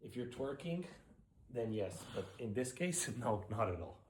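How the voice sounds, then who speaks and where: A man's voice: medium pitch, very animated, measured pace, slight background noise. A middle-aged man, a professional ballroom dancer, giving blunt, sarcastic casual commentary while reacting to a dance show.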